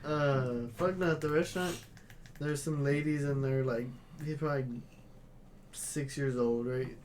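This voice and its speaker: A young man co-hosting a podcast, telling profane, animated restaurant stories and acting out what people said. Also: fairly high pitch, a little slow, slight background noise. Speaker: podcast co-host. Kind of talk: casual chat, storytelling.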